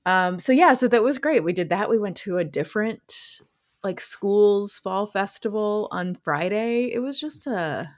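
A woman's voice: mid-range voice, measured pace. A young adult woman, a podcast co-host and stand-up comic, telling stories in casual chat with frequent laughter and swearing. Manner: animated, laughs often, swears.

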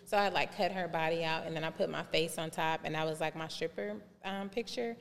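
A woman telling a long personal story in a casual podcast chat, animated and acting out remembered dialogue in different voices. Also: sits low, fairly quick, creaky. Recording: reverberant room with faint background noise.

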